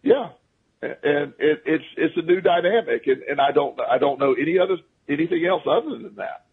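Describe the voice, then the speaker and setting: A man with a fairly high, animated voice and a breathy edge talks a little fast as a radio show guest on a phone line. He wanders through casual stories, restarts a lot, and chuckles at what he's telling.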